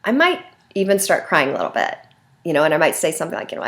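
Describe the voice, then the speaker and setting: Lively woman lecturing. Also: medium pitch, brisk. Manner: lively, conversational, frequent "right?" checks. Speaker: instructor. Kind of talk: recorded lecture.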